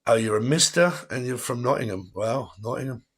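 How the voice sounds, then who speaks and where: Rambling and chatty, a male tarot reader talks casually with viewers on his livestream and laughs a lot. His voice is medium-pitched, expressive and slightly rough.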